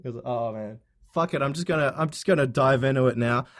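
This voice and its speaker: A young man guesting on a podcast, chatting casually and joking, quick to laugh. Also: mid-range voice. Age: young adult. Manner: laid-back, joking, laughs easily. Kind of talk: casual comedic chat.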